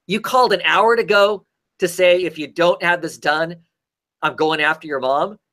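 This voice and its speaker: A man's voice: a little high, normal speed, sharp tone. A man putting on the voice of a nervous male gangster lackey who explains a worry. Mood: anxious.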